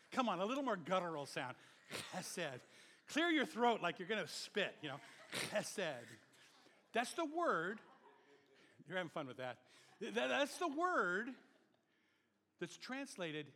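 In a large hall, a male pastor delivers an animated sermon, shifting between loud exhortation and quiet murmurs and having the congregation repeat his words back.

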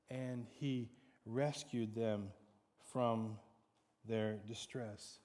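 Man, preacher, sermon, dramatic swings from hushed to loud, unhurried delivery, long reverb. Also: mid-range voice.

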